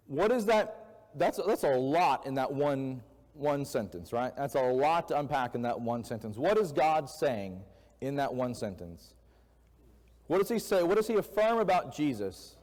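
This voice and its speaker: Male preacher, mid-pitched, chatty question-asking sermon delivery, long church reverb. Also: animated, moderate pace, darkish tone. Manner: conversational, asks the congregation questions. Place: church sanctuary. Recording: echoey church hall.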